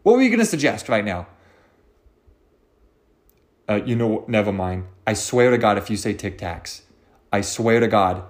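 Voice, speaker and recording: A man's voice: lowish voice, big pitch swings, normal speed, long pauses. Rambling, profane male comic. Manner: profane, rambling, self-interrupting. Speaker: comedy podcast host. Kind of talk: rambling solo comedy.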